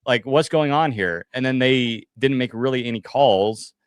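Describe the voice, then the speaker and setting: A man co-hosting a live reaction stream, talking in a rambling, excitable way with many restarts. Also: mid-range voice, moderate pace, clear, resonant tone, no echo, studio quality. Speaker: co-host of a team podcast stream. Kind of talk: casual live reaction chat.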